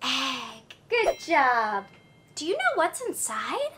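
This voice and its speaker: A woman's voice: very high voice, huge pitch swings, takes it slowly, sharp tone, slight background noise. A woman teaching toddlers, talking right to the child in a sing-song, exaggerated and encouraging way. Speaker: children's educator.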